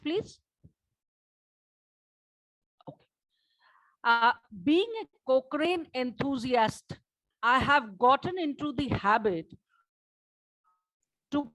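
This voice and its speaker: Woman giving a research talk, kinda high voice, dry sound, calm and measured. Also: no room sound, low-quality recording. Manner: measured, asks for next slide often. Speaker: researcher presenting a study. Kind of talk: conference presentation with slides.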